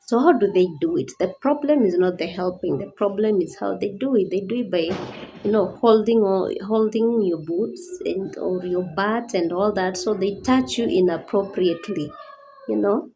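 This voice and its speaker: A woman's voice: mid-range voice, normal speed, dark tone, a little hiss or hum, rough recording. A woman giving a personal awareness talk as a disability advocate, earnest and pleading, rising to indignant questions.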